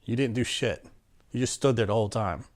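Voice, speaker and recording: Speaking briskly in a mid-range voice, a middle-aged interviewee tells a personal story in a candid, plainspoken way, performing the quotes of the people involved.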